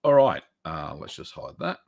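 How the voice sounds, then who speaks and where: A man's voice: rumbling low, moderate pace, vocal fry. A middle-aged man hosting a live stream, casually answering viewer questions with lots of ums and uhs in a small echoey room. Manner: relaxed, chatty, many ums and uhs.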